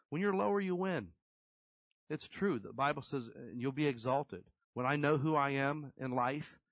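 A man's voice: medium pitch, no echo, poor audio. A middle-aged man preaching a sermon in a conversational, emphatic storytelling way.

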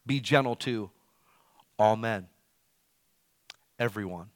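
A man preaching a sermon who calls himself loud. He swings from loud emphatic lines to quiet asides. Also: fairly low pitch, slow, no echo. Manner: self-described as loud. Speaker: pastor.

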